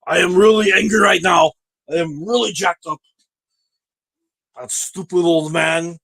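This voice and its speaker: A man's voice: high-pitched, very animated, unhurried, gravelly, husky, pitched above the performer's own voice, exaggerated voice, poor audio. A man playing a boastful, paranoid vagrant who calls himself the alpha male, in a pompous, self-pitying sketch voice. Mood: indignant. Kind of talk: comedy sketch video.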